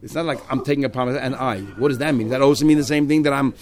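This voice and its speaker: A man's voice: mid-range voice, very fast, a little mellow. A man teaching a text study class, explaining step by step and acting out the speakers he quotes.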